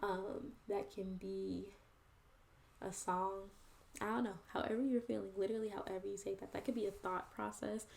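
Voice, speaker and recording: A woman's voice: mid-range voice, steady tone, moderate pace, gravelly, darkish tone. A woman hosting her own video channel, talking earnestly and reflectively straight to her viewers in a casual, chatty way. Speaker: host and poet. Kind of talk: casual vlog monologue to viewers.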